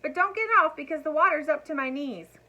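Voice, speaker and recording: A woman's voice: high-pitched, fairly quick, pushed and bright, pitched above the performer's own voice, rough recording. Woman voicing a timid, breathless young dragon. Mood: cheerful. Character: gentle weary young male dragon, easily frightened.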